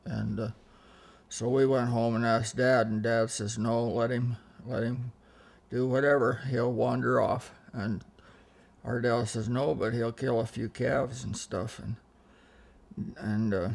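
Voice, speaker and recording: An older man tells rambling family anecdotes during a casual interview, his medium-pitched voice gravelly and darkish. He keeps restarting sentences and quoting what other people said.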